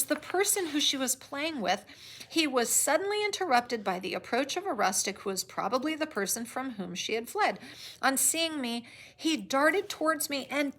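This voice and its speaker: A woman's voice: high voice, a bit bright. A woman teacher recapping a novel chapter, reading passages aloud and adding conversational asides to the listener.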